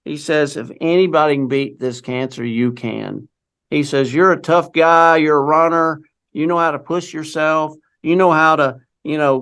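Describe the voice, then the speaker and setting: Gravelly-voiced man telling his story. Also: mid-range voice. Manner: rambling, with many restarts and quoted dialogue. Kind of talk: casual storytelling.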